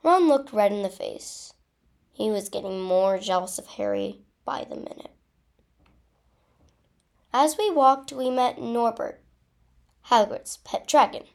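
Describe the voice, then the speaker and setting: A woman reading her own first-person adventure story aloud in an unhurried, expressive way. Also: mid-range voice, vocal fry. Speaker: narrator.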